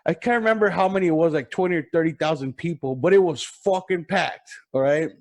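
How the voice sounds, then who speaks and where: A man's voice: fairly high pitch, fairly quick. A man hosting a podcast, telling loose stories in casual chat and swearing freely. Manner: loose storytelling, swears freely, acts out crowd voices. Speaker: podcast host.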